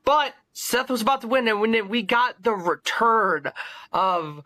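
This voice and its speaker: Bright-voiced excitable young man. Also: high-pitched, measured pace, dry recording. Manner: excitable, swears freely, hypes matches. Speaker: podcast co-host. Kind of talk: casual chat.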